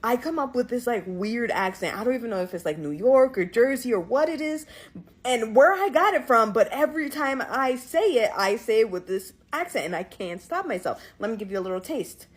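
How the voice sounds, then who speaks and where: A woman's voice: on the high side, animated, a little fast, slightly rough. A woman content creator telling a story to camera in a dramatic, exaggerated way. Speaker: social media creator. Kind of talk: casual chat to camera.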